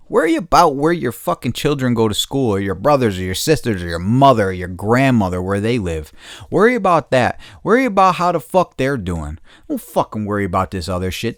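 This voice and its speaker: An American man hosting a podcast, ranting bluntly with constant swearing, swinging between low mutters and loud outbursts. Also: no echo, clean studio sound. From United States. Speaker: podcast host. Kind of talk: profane opinion rant.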